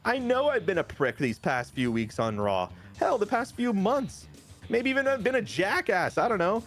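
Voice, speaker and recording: A man voices a boastful male pro wrestler in a strained, high, punchy voice. He shouts his promo with swagger. It sounds like a sportsman talking trash in the ring. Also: very animated, normal speed, soft background music, heavily acted. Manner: loud, high-pitched brash promo.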